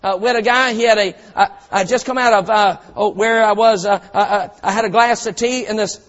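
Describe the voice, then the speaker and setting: A man preaching a sermon as pastor, telling stories and swinging from quiet asides to loud shouted lines. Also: high voice, steady tone, fairly quick. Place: church auditorium. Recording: dull sound with long hall reverb.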